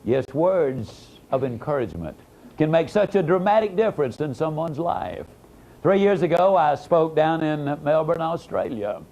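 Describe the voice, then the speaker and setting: A man giving a motivational speech, telling a story with dramatic swings between emphatic and hushed phrases. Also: on the high side, lively intonation, moderate pace. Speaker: motivational speaker.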